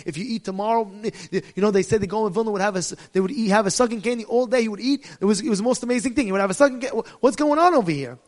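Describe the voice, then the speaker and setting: A man giving a sermon as a rabbi, telling stories dramatically and swinging from hushed tones to shouting, with Hebrew and Yiddish terms mixed in. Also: high voice.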